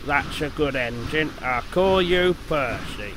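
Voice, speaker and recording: A stern, proper railway director, voiced by a man, formal and severe. He speaks slowly in a lowered voice that carries authority. A noisy hiss runs underneath. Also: expressive, fairly bright tone. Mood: kindly.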